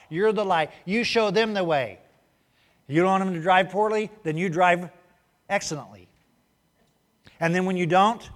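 A man preaching a sermon, swinging between loud urging and soft hushed asides, firing rhetorical questions with short punchy answers. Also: high-pitched, big-room sound. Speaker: pastor.

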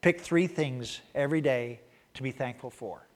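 A man pastor preaching a sermon, reading Scripture and acting out the people in it, swinging from loud outbursts to quiet asides. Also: mid-range voice, normal speed, in a large hall. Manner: animated, acts out voices, swings from loud to quiet.

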